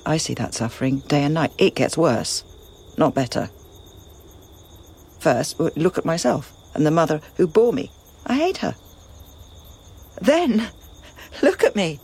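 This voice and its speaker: A woman playing a grieving, defiant young princess in a classical drama, with a breathy voice and impassioned lament. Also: medium pitch, darkish tone, heavily acted. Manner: impassioned lament, slow and swinging.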